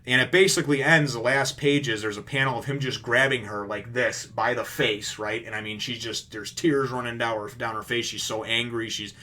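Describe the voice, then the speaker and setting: A man's voice: medium pitch, normal speed, few pauses. A man casually recapping a comic chapter on his video channel, rambling and swearing as he retells it. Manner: rambling, profane, animated retelling. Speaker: comic review vlogger.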